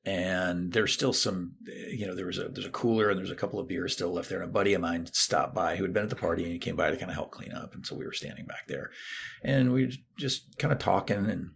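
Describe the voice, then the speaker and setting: Middle-aged guy with a low gravelly voice telling a story, bit of hiss behind him. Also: quick pace. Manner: animated storytelling, acting out quoted lines. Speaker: therapist and author, podcast guest. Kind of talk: storytelling in a podcast interview.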